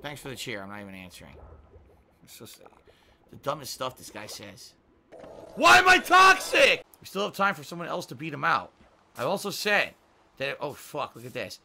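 A man hosting his own livestream in casual chat, animated and talkative, jumping from loud outbursts to low grumbles. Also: fairly quick, vocal fry, a little hiss or hum. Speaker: livestream host.

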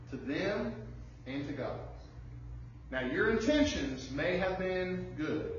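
A man's voice: fairly high pitch, a little hiss or hum. A male pastor giving a conversational sermon, acting out bits of dialogue as he preaches in a church sanctuary. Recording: very echoey hall, distant, dull lo-fi.

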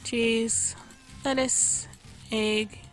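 Over game music, a woman hosts a casual let's-play video, chatting with the game's customers and reading out their orders as she fills them. Her slightly high voice is level, with drawn-out words, and sounds a little worn because she is losing it.

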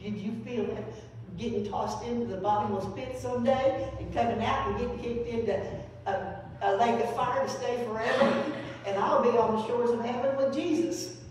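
A woman's voice: normal speed, darkish tone. Woman pastor preaching folksy sermon, echoey hall. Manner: storytelling, acts out phone calls and quotes in a high voice. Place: church sanctuary. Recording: very echoey hall from far off with faint hum.

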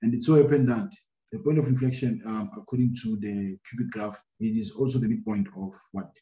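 A man teaching a maths lesson, talking his way through a graph problem out loud, with many fillers and a habit of checking "right?" after each step. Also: fairly low pitch, fairly even intonation, a little fast. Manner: thinking aloud, many fillers and repeated "right?". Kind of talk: screen-recorded maths lesson. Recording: roomy, dull lo-fi sound.

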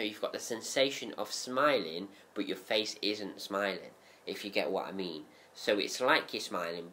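A low-voiced man with a bright, forceful edge talks casually and rambles as he thinks aloud. Faint noise sits behind him. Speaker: co-host. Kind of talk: casual chat.

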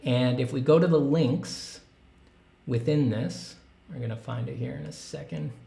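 A man's voice: medium pitch, a little slow, gravelly, warm tone. A man hosting his art channel in casual livestream chat, rambling enthusiastically with many fillers. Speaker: artist and channel host.

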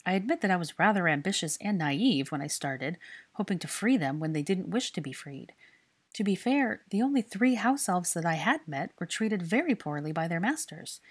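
A woman voicing a young woman who explains her views calmly and patiently. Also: medium pitch, husky, pitched above the performer's own voice. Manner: calm, explaining. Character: young woman, hurt but calm and thoughtful.

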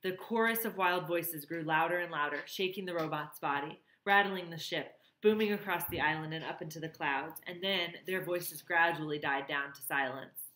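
Woman, slightly low voice, reads a children's book with feeling, echoey room. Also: moderate pace, few pauses. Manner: expressive, warmly emotional reading. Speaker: reader. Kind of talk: reading a children's novel aloud. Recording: roomy echo.

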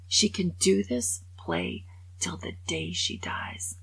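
Gravelly older woman chatting, dropping to whispers. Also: on the low side, sing-song, slow pace, fairly bright tone. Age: over 65. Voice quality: gravelly and raspy. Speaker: vlogger. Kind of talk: casual monologue commenting on news stories.

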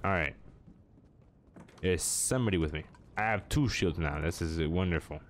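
A man's voice: low-pitched, normal speed, slight background noise. A young man commentating his own video game match at home, self-mocking and talking to his opponents. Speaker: gaming channel host.

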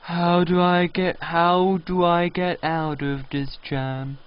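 A young man streams a game, chatting playfully with his viewers and sometimes squealing high pleas. His voice sits a bit high and his pace is slow and drawn out. The stream audio is dull and lo-fi. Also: little pitch movement, clean tone.

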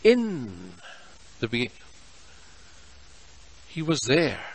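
A man preaching a sermon as pastor, measured and emphatic, stretching out his key words. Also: mid-range voice, huge pitch swings, breathy edge, poor audio. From South Africa.

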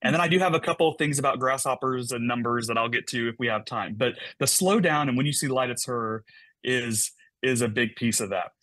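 A man, a podcast guest, telling an emotional personal story in a fast, animated way, often repeating words. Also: medium pitch, no echo.

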